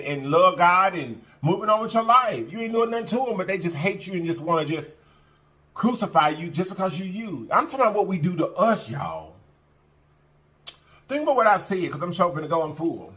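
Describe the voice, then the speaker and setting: A man's voice: a little high, a bit bright. A man hosting an eating show, talking earnestly and a little preachily to his viewers, repeating phrases and addressing them as y'all. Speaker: mukbang eating-show host. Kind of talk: casual heartfelt talk to camera.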